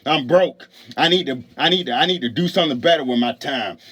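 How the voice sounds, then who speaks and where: A man's voice: a little high, brisk, fairly bright tone, breathy edge. A man in a profane ranting monologue who repeats and stammers angrily. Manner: repetitive, stammering, angry.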